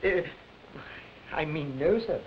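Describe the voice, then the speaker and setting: An actor with a British accent playing a timid, poor clerk who answers meekly and hesitantly. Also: male voice, fairly high pitch, lively intonation, takes it slowly, highs cut off. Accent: British English. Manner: meek, hesitant, deferential. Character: timid poor male clerk, meek and deferential. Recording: hissy 1930s film soundtrack.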